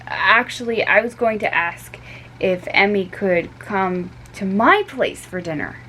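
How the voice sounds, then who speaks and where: A woman's voice: medium pitch, lively intonation, unhurried, sharp tone, a little hiss or hum, low-quality recording. Johnny: woman voicing a scheming storybook schoolboy, eager, a bit sneaky.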